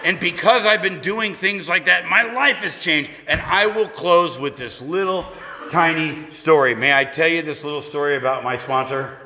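A man's voice: on the high side, moderate pace, bright, forceful tone, a little hiss or hum. A man sharing his story at a recovery meeting, telling it as a punchy, profane comic tale to a live audience. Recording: echoey hall reverb.

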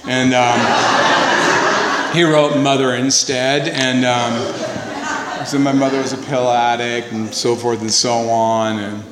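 A man's voice: medium pitch, flat delivery, a little slow, over a noisy crowd. A man speaking at a recovery meeting, giving an earnest, conversational personal testimony, repeating words for emphasis, with wry humor. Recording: echoey hall with faint noise.

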